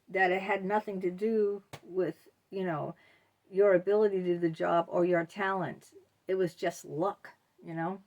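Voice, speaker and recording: A woman's voice: on the low side, fairly even intonation, unhurried. A woman vlogger talking casually to camera, rambling with many ums and you-knows.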